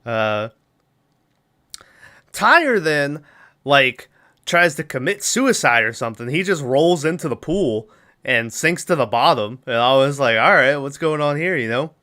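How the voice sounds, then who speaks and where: Bright-voiced man recapping a movie. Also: medium pitch, expressive, unhurried. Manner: rambling, laughs often, acts out quotes. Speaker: podcast co-host.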